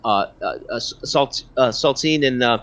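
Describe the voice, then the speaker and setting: A man running a tabletop game as game master, narrating in a halting way with many fillers and restarts. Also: medium pitch, fairly bright tone. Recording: dull lo-fi audio.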